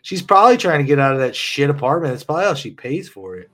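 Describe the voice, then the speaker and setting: A man's voice: a little high, very animated, quick pace, a bit bright. A young man in casual chat with friends, swearing loosely and laughing often. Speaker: gamer chatting with friends.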